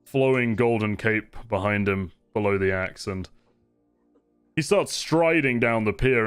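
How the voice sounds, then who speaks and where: Brief: male game master, mid pitch, animated delivery, easygoing scene-setting narration. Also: no echo. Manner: descriptive, relaxed, rambling. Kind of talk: improvised tabletop narration.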